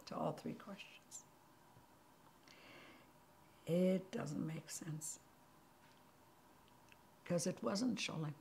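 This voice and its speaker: Gravelly woman teaching a Torah class. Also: lowish voice, takes it slowly, long pauses. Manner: animated storytelling that drops to near-whispers for emphasis.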